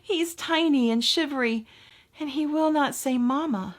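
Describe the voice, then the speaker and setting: A woman's voice: sits high, a little slow, voice pushed up. A woman voicing an anxious mother mouse. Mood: pleading. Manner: pleading, earnest. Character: anxious mother mouse protecting her newborn.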